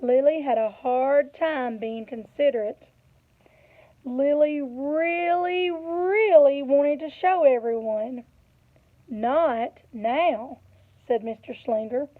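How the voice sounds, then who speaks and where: A woman reads a picture book aloud to young children, in a slow and animated way with a fairly high voice. She stops often to ask her listeners questions. The sound is tinny and narrow, like a phone line. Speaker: storyteller reading to children.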